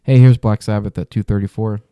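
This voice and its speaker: A man's voice: fairly low pitch, fairly even intonation, fairly quick, mellow, clear, resonant tone, no room sound. A man reacting casually to a music list, muttering exasperated, profane comments with whispered asides.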